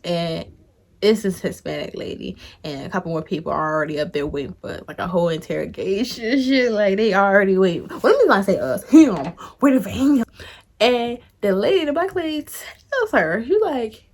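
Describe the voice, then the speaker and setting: A young woman vlogger telling a workplace story in an animated, chatty way, talking straight to her viewers and swearing freely. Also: medium pitch, moderate pace. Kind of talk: casual storytime.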